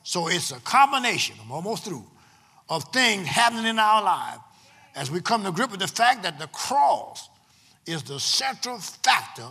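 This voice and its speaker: Male preacher, slightly high pitch, husky, loud drawn-out preaching broken by fast quiet asides. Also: big pitch swings, in a large hall. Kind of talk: sermon. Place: church sanctuary.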